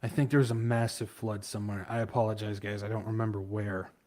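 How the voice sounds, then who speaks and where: A livestream host with a lowish, level, slightly mellow voice talks at a quick pace in a loose, rambling, off-the-cuff way. He stumbles over hard words, laughs at himself, and trails off into mumbles.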